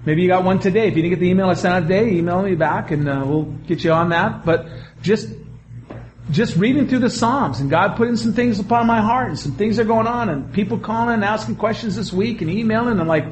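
A man preaching a sermon, animated, with quick asides and acted-out quotes. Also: sits high, a little hiss or hum. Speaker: pastor.

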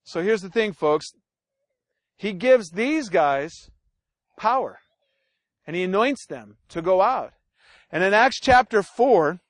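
A man delivers a sermon in an unusually high voice, telling stories and acting out both sides of family quarrels. The sound is close and completely dry, with no room around it. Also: slow pace, pauses often, no echo. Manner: animated storytelling, acts out family dialogue. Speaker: pastor.

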